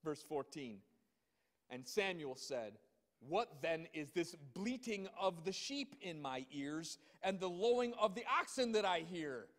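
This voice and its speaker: Male pastor, high-pitched, emphatic scripture reading with rhetorical asides, long reverb of a large hall. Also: expressive, fairly bright tone. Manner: reads scripture slowly and emphatically, then comments with rhetorical questions.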